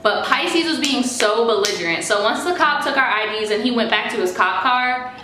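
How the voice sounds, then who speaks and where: A young woman from New York telling a story in an animated, chatty, profane way. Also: on the high side, normal speed, background noise. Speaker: vlogger. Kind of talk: casual storytime. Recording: roomy echo with faint music.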